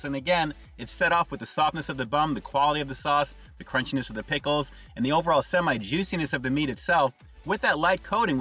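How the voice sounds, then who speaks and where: A man's voice: medium pitch, sharp tone, slightly rough, distant mic. A man hosting a casual food review from inside a car, upbeat and chatty, who keeps calling his viewers "guys". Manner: upbeat, keeps saying "guys" and "really digging".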